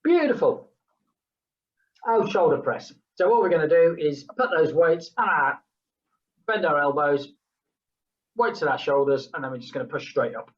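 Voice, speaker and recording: A woman's voice: low voice, animated, normal speed, muffled recording. A woman leading a group exercise class, chatting between count-downs and humming playful sounds. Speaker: fitness instructor.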